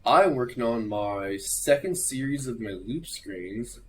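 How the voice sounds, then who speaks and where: A young man who is a digital artist, speaking as a guest on a casual podcast. He talks excitedly, swears, and fills his speech with like and you know. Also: medium pitch, takes it slowly, a little hiss or hum. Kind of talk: casual chat.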